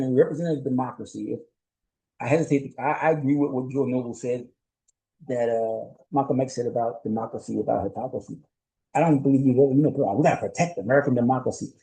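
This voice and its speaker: Warm and mid-range, this man's voice comes through a low-quality recording as he, a host and journalist, recaps on his own. He talks casually and rhetorically, repeatedly tossing in "right?" and laughing frequently.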